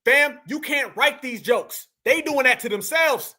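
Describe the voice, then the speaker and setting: High, bright-voiced man ranting at clips. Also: moderate pace, hardly any pauses. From United States. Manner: animated, incredulous, profane and slangy. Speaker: show host. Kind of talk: reaction commentary on video clips.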